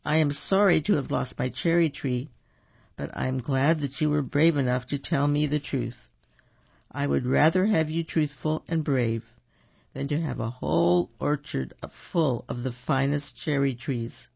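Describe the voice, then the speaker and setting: A man's voice: on the high side, vocal fry, darkish tone, no room sound, heavily acted. A man reading aloud, voicing a stern but loving father from colonial times, with a slightly raised, firm voice on a dull, dry recording. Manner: stern, measured.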